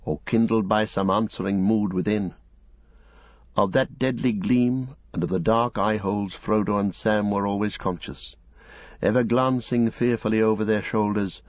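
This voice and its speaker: Deep-voiced man narrating an audiobook. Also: dry recording. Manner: measured, dramatic storytelling. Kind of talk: scripted narration. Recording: dull lo-fi recording.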